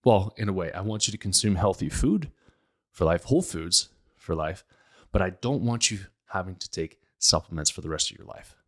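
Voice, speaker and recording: A man's voice: sits low, animated, normal speed. A man from Pittsburgh hosting a health podcast, talking emphatically and firing off rhetorical questions. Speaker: podcast host, health practitioner. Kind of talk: casual health podcast monologue.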